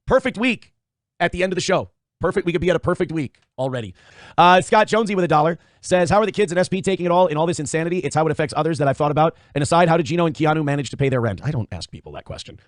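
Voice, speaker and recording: A man's voice: sits high, no room sound, clean studio sound. A man hosting a casual livestream, reading out viewer donations and rambling in a profane, self-interrupting way. He is a father of young kids. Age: adult father of young children. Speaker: livestream host.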